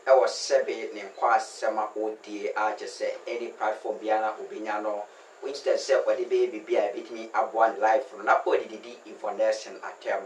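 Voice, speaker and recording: A Ghanaian news presenter speaks in a lowish voice with a formal manner. He sits back from the mic in a roomy, echoing space with faint noise behind him. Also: flat delivery, normal speed, recorded from a distance. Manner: formal, addressing the audience as family. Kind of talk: news wrap-up.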